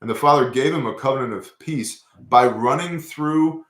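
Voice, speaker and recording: A man hosting a casual talk about scripture, telling stories in an animated, profane way. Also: medium pitch, normal speed, reverberant.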